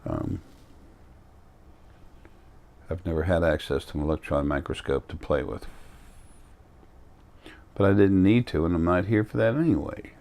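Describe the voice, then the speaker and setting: Male vlogger, very low voice, blunt and rambling, sounds tired, casual monologue. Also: expressive, a little slow, creaky, pauses often, a little mellow.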